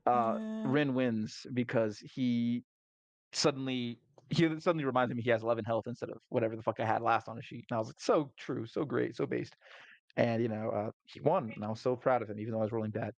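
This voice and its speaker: A man's voice: medium pitch, little pitch movement, quick pace, no room sound, highs cut off. A man recapping a tabletop game session as game master. He tells it in a casual, laughing way and swears often. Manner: laughing, profane storytelling.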